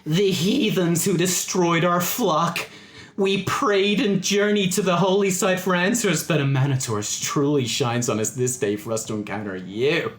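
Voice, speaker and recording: A man's voice: on the high side, unhurried, roomy sound, voice pushed up, natural voice. A man voicing a vengeful, zealous male cleric of a sun god who talks in a preachy, accusing way.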